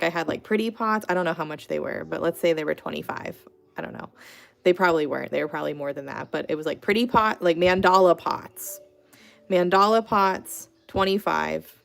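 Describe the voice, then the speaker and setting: Chatty woman with a gravelly low voice. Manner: rambling, chatty storytelling with many "like" fillers. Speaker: craft artist hosting a livestream. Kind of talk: casual livestream chat, reading comments.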